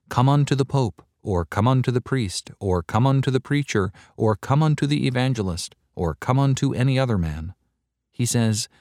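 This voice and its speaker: Low-voiced earnest male preacher, dry sound. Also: a little mellow, no room sound. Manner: earnest, measured preaching with slow emphatic repetitions. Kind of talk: sermon. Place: large hall before a crowd.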